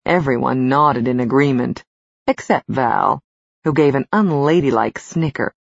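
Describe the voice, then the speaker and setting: A woman reading a romance novel as an audiobook narrator, in even, measured storytelling. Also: a bass voice, gravelly, breathy edge, no room sound. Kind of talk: scripted narration. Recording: slightly dull, dry studio recording.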